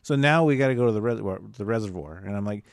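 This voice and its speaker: A man's voice: lowish voice, racing, no echo, studio quality. Sarcastic, swearing male podcaster. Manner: profane, sarcastic, animated retelling. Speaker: podcast co-host. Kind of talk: casual movie discussion.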